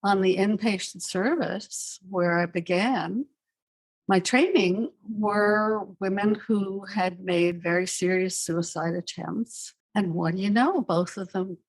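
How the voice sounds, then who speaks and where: Older woman guest, low-pitched, measured and reflective, with dry wit. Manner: measured, thoughtful storytelling with dry asides. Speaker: psychiatrist guest. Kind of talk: reflective interview answers.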